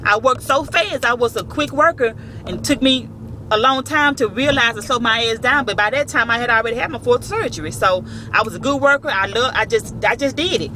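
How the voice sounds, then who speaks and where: A woman's voice: on the high side, brisk, bright, forceful tone, rough recording. Blunt woman by traffic. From Southern US. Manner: blunt, profane, storytelling with quoted voices. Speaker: vlogger giving work advice. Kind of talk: casual advice talk. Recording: outdoor traffic noise.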